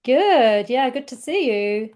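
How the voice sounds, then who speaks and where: A woman's voice: a little high, expressive, takes it slowly, a little mellow. Upbeat woman hosting a video call. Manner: upbeat, welcoming, chatty. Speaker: host. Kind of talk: online group session hosting.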